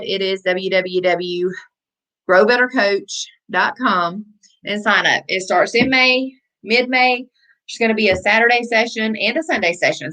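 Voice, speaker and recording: A woman coach talking her listeners through goal setting in a loose, conversational way. She circles back and repeats phrases to drive each point home, at a medium pitch. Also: sharp tone, poor audio. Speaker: life coach. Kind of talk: motivational coaching talk.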